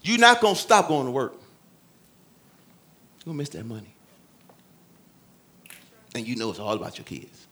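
A man preaching a sermon in a folksy, joking way, swinging between loud shouted emphasis and hushed asides. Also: mid-range voice, sing-song, unhurried, gravelly, pauses often. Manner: conversational, folksy preaching with humor.

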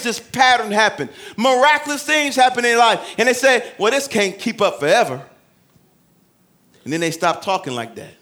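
A man preaching a sermon in a folksy, joking way, swinging between loud shouted emphasis and hushed asides. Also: a little high. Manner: conversational, folksy preaching with humor.

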